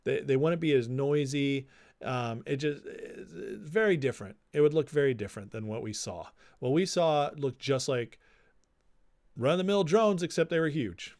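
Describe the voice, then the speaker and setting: A man's voice: medium pitch, lively intonation, normal speed, darkish tone, no echo, studio quality. Chatty man hosting a political livestream. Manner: conversational, reads viewer comments aloud. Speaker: livestream host. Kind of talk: casual political commentary.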